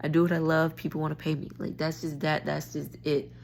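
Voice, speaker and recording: A woman's voice: low voice, little pitch movement, a little fast, gravelly, a little mellow, slight background noise. A tired woman rambling in a frustrated, stream-of-consciousness rant into her phone, often restarting her thoughts. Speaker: spiritual vlogger.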